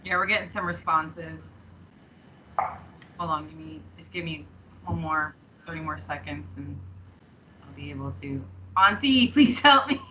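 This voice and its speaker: A woman trainer reading out group responses, slow and relaxed as she thinks aloud. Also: low voice, dull audio, noisy background.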